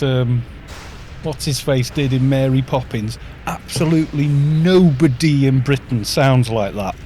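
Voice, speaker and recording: A man's voice: mid-range voice, a little mellow, slight background noise. A middle-aged man from North Wales with a Welsh accent, chatting casually and joking with viewers while live-streaming a game. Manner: chatty, joking, reads chat aloud.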